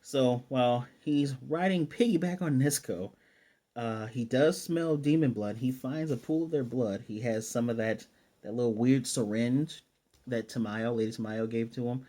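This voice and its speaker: A man's voice: medium pitch, normal speed. A man casually recapping an anime episode, retelling scenes with lots of fillers and restarts. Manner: excited storytelling with frequent fillers and restarts. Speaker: anime reviewer.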